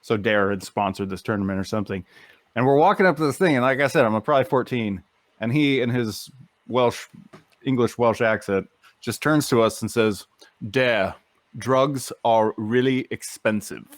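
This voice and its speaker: A man co-hosting a podcast, telling a story in a relaxed, hesitant way with frequent "uh"s. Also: medium pitch, brisk, no echo. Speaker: podcast co-host. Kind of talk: casual chat, telling an anecdote.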